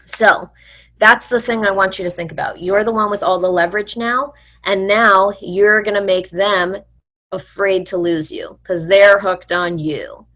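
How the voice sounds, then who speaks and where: Woman host, mid-pitched, casual and frank, filler-heavy, speaks to viewers like friends. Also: fairly even intonation, a little slow, a bit bright. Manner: frequent "like" fillers, blunt mild profanity. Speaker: personal finance host. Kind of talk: casual advice talk to camera.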